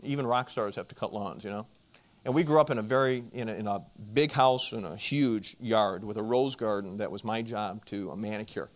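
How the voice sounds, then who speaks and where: Animated storytelling man on stage. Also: on the low side, fairly quick. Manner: animated storyteller, acts out voices. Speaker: marriage conference speaker. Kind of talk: storytelling talk to an audience.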